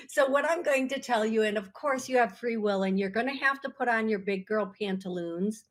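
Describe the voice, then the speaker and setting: A woman's voice: on the high side, normal speed. A woman hosting a call-in psychic radio show, talking in a searching, earnest, often apologetic way. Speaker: psychic medium radio host.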